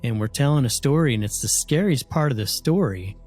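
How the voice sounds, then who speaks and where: A man telling a spooky story in a casual, animated way, often acting out the voices of the people in it. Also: medium pitch, brisk, faint music behind. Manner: animated, acts out voices in his stories.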